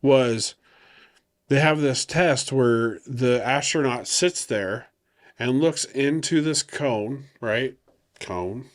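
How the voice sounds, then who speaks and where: A man's voice: mid-range voice, slow, no room sound. A man co-hosting a podcast, chatting casually and joking about growing up with computers. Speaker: podcast co-host. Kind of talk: casual chat.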